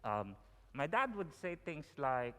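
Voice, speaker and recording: A man's voice: fairly high pitch, very animated, slow, a bit bright. Filipino man preaching in a reverberant hall. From Philippines. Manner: chatty, many fillers and "you know". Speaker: guest preacher. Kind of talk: sermon. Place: church hall.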